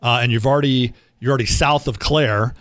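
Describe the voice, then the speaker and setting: A man's voice: medium pitch, steady tone, brisk, a bit bright. A man in his late fifties hosts a radio talk show with easygoing, joking chatter. His voice sits mid-range and sounds dry and close, with no room echo. He plugs local spots and tells stories. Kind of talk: casual radio banter.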